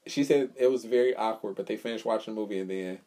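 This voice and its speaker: A man's voice: fairly low pitch, fast talker, dark tone. A man co-hosting a casual podcast chat, telling a story with swearing and acting out the quotes. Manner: storytelling, profane, acts out quotes. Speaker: podcast co-host.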